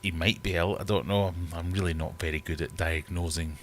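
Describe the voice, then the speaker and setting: A man's voice: low-pitched, steady tone, a little fast, a little hiss or hum. A man hosting a casual livestream from his fish room, chatting in a rambling, self-deprecating way. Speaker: livestream host and fishkeeper.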